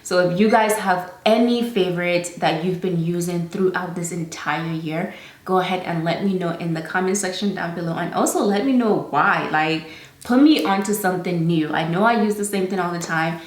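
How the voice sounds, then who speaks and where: Chatty young woman with an African accent, echoey. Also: lowish voice. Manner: chatty, lots of "like" fillers, slow in spots. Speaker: beauty vlogger. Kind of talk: casual product review. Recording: echoey room.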